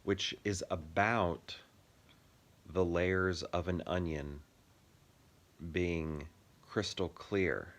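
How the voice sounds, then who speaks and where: A man in his thirties co-hosting a casual chat, easygoing and quick to laugh, with long rambling explanations. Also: low-pitched, fairly even intonation, a bit bright. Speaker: podcast co-host.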